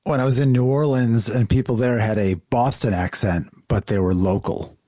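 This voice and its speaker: A man's voice: medium pitch, fairly even intonation, normal speed, dark tone, no room sound. A man co-hosting a podcast in playful casual chat, cracking jokes. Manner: joking, playful. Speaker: podcast co-host.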